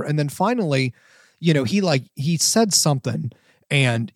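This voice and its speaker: A man's voice: mid-range voice, brisk, a little mellow, no room sound, clean studio sound. A man telling a story from his work as a wedding videographer, rambling with lots of restarts. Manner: rambling, many likes and restarts. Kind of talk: casual storytelling.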